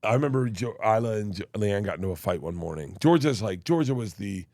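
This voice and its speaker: A middle-aged man, a comedian and guest, telling animated family stories in a casual interview and acting out voices as he goes. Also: fairly low pitch, fast talker, no room sound, clean studio sound. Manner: animated storyteller, acts out family members' voices. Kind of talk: storytelling interview chat.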